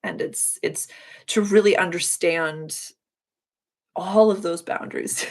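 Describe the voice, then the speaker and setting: Low-voiced woman in casual rambling talk. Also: huge pitch swings, moderate pace. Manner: conversational, loose and rambling with "like" and "dude". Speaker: spiritual self-help video host. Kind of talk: casual reflective monologue. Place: her own room.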